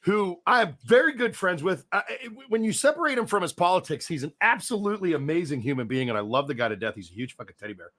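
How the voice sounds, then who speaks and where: Animated, foul-mouthed man telling stories. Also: sits high, fast talker, few pauses. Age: middle-aged. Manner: profane, animated storytelling. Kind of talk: casual chat.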